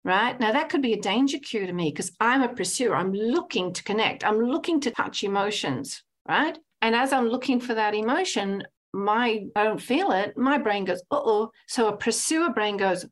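Animated woman counsellor with a lively voice. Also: on the high side, normal speed, hardly any pauses. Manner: animated, acts out little scenes with lively voices; frequent tag "right?". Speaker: counsellor and hypnotherapist guest. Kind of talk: conversational interview.

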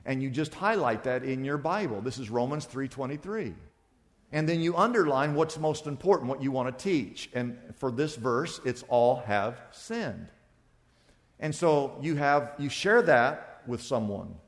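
A man preaching a sermon as pastor, acting out little conversations and swinging between loud and soft. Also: mid-range voice, measured pace, big-room sound. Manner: animated preaching, acts out little dialogues with shifts of loudness.

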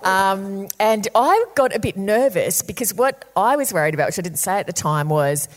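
Lively woman in her late forties. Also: medium pitch, moderate pace. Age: 40s. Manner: lively, laughing anecdotes. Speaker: comedy duo performer. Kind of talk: onstage chat with audience. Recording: reverberant venue hall.

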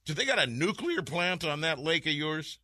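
A man's voice: on the high side, big pitch swings, moderate pace, sharp tone, no echo. A man hosting a radio fishing show from the studio, joking and telling stories in a casual, folksy way. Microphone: studio mic with headphones.

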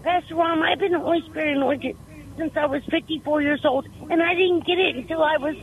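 A woman in her fifties phones in, gushing with fervent devotion. Her voice is very high and comes through a thin, tinny phone line. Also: brisk. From Texas. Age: 50s. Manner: fervent, effusive, repetitive. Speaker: caller. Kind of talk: phone-in testimony.

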